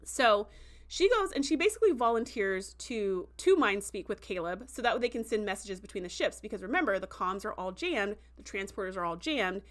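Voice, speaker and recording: A woman hosting a casual livestream review, chatty and full of "like" and "um" fillers, who slips into animated voices when quoting characters. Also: mid-range voice, brisk. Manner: breaks into animated voices for quotes.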